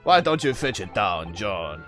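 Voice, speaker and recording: Male streamer as pompous retired officer, animated delivery, hearty bluster. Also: low voice, a little slow, faint music behind, voice pushed down, heavily acted.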